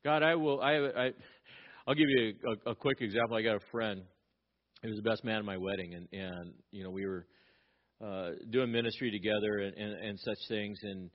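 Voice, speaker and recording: Emphatic male pastor preaching, lo-fi recording. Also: fairly low pitch. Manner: emphatic, repeats phrases, frequent restarts. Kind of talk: sermon. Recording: dull lo-fi recording.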